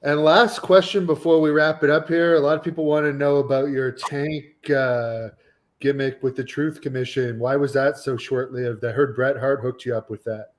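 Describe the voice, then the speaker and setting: A man's voice: medium pitch, fairly even intonation, moderate pace. A man interviewing a former wrestler, asking questions in a plain, conversational way.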